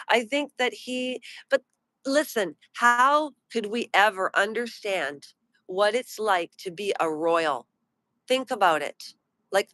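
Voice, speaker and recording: Indignant woman ranting, slow and dry. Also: fairly high pitch, a bit bright, no room sound. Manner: indignant, mocking, slows down to stress points. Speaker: pop culture commentator. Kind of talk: opinionated live-stream rant.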